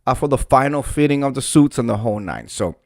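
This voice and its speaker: A man's voice: mid-range voice, expressive, fast talker, gravelly, a little mellow, dry recording, studio quality. A middle-aged man hosting a live stream, telling a long story in a theatrical way and swearing freely. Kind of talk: storytelling monologue.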